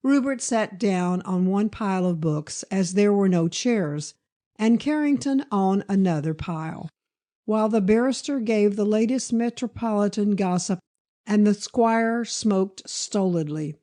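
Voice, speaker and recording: Frau mit weicher Erzählstimme. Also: female voice, medium pitch, animated, measured pace, dark tone. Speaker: audiobook narrator. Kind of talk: scripted narration.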